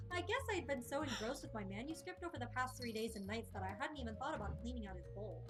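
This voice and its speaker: A young woman with a high, bright voice that leaps up and down as she reads a visual novel aloud on stream. Her delivery is dramatic, broken up by laughs, and game music plays clearly behind her. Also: animated, fairly quick.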